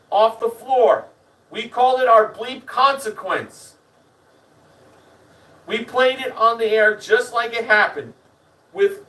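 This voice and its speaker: Bright-voiced man reading a memoir. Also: high voice, distant mic, low-quality recording. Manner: lively storyteller, animated in the punchlines. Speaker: reader. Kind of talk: first-person memoir reading.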